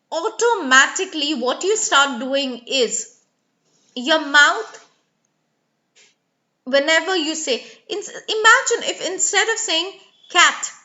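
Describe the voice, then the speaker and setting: A woman's voice: very high voice, lively intonation, takes it slowly, sharp tone, dull audio. A woman teaching English pronunciation in a live online class, carefully enunciating sample words and coaxing students by name. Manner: clearly enunciating model words.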